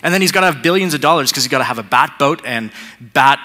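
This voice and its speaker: A man's voice: fairly high pitch, fast talker, pushed and bright. A man giving a sermon as pastor. He builds points through repetition and slips into casual, joking asides. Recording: long hall reverb.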